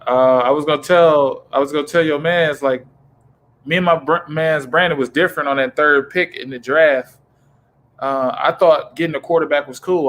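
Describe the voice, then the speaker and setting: A man's voice: medium pitch, fairly bright tone. Laid-back man hosting a sports stream. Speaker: stream host. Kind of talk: casual sports talk on a voice call. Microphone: home mic on an online call.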